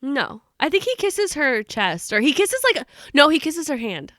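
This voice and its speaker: A young woman co-hosting a casual book podcast, recapping scenes and acting out quotes in hushed voices, laughing often. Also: high voice, sing-song, moderate pace, no echo, clean studio sound. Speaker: podcast co-host.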